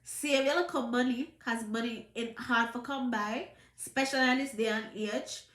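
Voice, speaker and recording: A woman's voice: a little high, steady tone, normal speed, fairly bright tone, roomy sound. A Jamaican woman with a trace of a British accent, giving an emphatic, scolding commentary to camera in patois. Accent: Jamaican, with some British. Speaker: vlogger.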